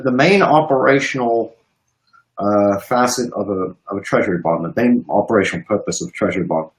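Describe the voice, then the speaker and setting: A man speaking as a guest on a video call, explaining emphatically, repeating words and checking in with "okay?". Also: medium pitch. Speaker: guest economist. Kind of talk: animated explanatory talk. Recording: echoey room.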